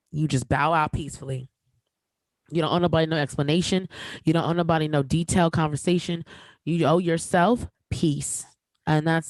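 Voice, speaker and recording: A woman's voice: on the low side, a little mellow, no echo, poor audio. Emphatic podcast host woman, dry close sound. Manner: emphatic, projecting, repeats herself, slangy. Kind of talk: solo podcast rant.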